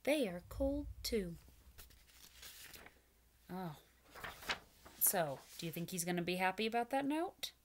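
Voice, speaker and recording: A woman reading a picture book aloud to preschoolers, pausing to explain words and invite the children to join in. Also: mid-range voice, expressive, slight background noise. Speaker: children's storyteller.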